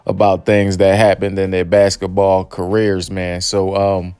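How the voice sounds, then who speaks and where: A man's voice: low voice, monotone, measured pace, a little mellow, smooth, no echo. A man giving conversational commentary that recaps a story. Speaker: channel host, commentator. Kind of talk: commentary voice-over.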